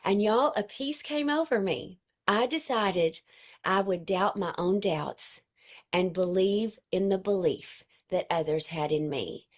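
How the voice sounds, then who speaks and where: A woman's voice: medium pitch, slow. A woman telling an emotional personal story to her sales team in an earnest way. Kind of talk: personal storytelling to an online group.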